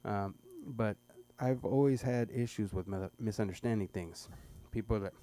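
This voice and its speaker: A middle-aged man rambles through a stand-up bit, stumbling and restarting as he goes. His voice is dark and mellow, picked up by a stage microphone at a small club. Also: fairly low pitch, normal speed. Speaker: stand-up comedian at an open mic. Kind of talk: stand-up set.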